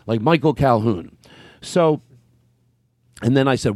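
A man, a comedian and podcast host, telling a story in casual chat, animated, swearing and acting out his own lines. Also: medium pitch, normal speed, dry recording.

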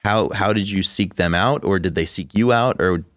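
A man hosting a casual interview, asking follow-up questions in a relaxed way. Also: deep voice, normal speed, no room sound, studio quality. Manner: relaxed, asks with restarts and laughs along. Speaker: interview host.

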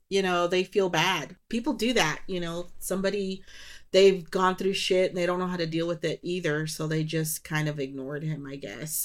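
A woman in a casual podcast chat, musing in a relaxed, reflective way and hedging her thoughts. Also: lowish voice.

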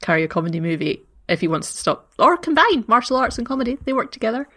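Female podcast panelist, higher voice, animated, quick laughs. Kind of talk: casual podcast chat.

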